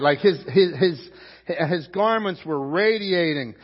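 A man's voice: a little high, animated, a little slow, slightly rough, long reverb tail, dull audio. A man preaching a sermon as pastor, in a loose, conversational way that repeats words and asks the crowd questions.

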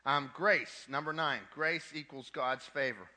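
Bright-voiced emphatic male preacher. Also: medium pitch, measured pace, hardly any pauses. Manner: emphatic preaching with casual asides; repeats key points twice. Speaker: young adult ministry preacher. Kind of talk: sermon.

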